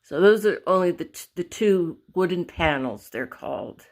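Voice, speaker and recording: In her relaxed home vlog, a woman points out her paintings along a wall, wandering off topic, searching for words and fixing what she says. Her voice is on the low side and expressive, at a normal speed.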